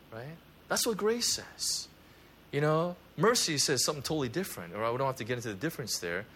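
A man preaching a sermon, pastoral and animated, with frequent stammered restarts as he builds up to pleading prayers. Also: medium pitch, normal speed, slight background noise.

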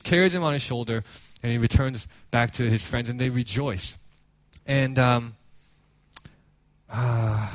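A man preaching a sermon, telling a story with animated acted-out quotes and frequent casual fillers. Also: mid-range voice, no echo. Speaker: pastor.

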